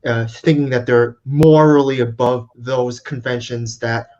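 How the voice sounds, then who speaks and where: Measured man on a dull lo-fi mic. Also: medium pitch, flat delivery, darkish tone. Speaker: co-host. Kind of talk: casual podcast chat.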